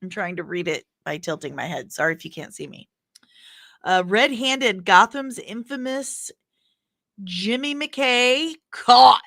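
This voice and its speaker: A woman's voice: lowish voice, normal speed, sharp tone, dry recording, studio quality. A woman hosting a pop culture news show in a casual, chatty way, reading viewer comments aloud and rambling into personal asides.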